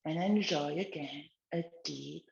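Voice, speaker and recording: Slow, gentle woman guiding a relaxation exercise. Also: deep voice, creaky, roomy sound, highs cut off. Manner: slow, gentle guiding of breathing and neck movements. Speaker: wellness instructor. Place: outdoors in the countryside, chickens nearby.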